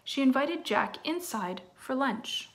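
A woman teacher reads a fairy tale aloud to children. She is expressive and playful, with a slightly high voice, and speaks to her listeners between passages. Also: takes it slowly. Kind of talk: reading a storybook aloud to children.

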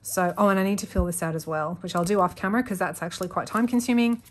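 A planner vlogger, she's a young woman who talks fast in a medium-pitched voice. While setting up her planner she chats casually with viewers, rambling and correcting herself.

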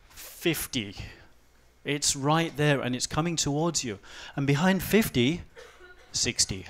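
A man in his forties gives a short, fast-paced talk on an event stage. His voice sits a little high. He swings from low, quiet asides to loud, animated bursts. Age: 40s. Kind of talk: fast-paced humorous presentation. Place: event stage before a live audience.

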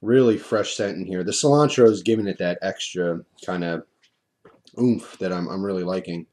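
A man with a deep, mellow voice talks casually at his desk while reviewing a hot sauce. He rambles and restarts his sentences in an easygoing way. His mouth is burning and he keeps drooling as he speaks. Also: moderate pace. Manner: relaxed, chatty, rambling with restarts.

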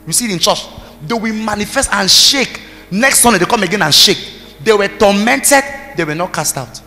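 Man preaching, high bright voice. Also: lively intonation, normal speed. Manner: emphatic preaching, shouting bursts, commands to the congregation. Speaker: pastor. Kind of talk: sermon. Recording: reverberant hall with music behind.

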